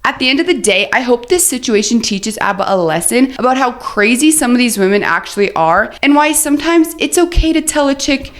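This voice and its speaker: A woman hosts a commentary video, her voice sitting a little on the high side. She talks bluntly and with sass, as if scripted for a video. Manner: blunt and sassy. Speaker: commentary host.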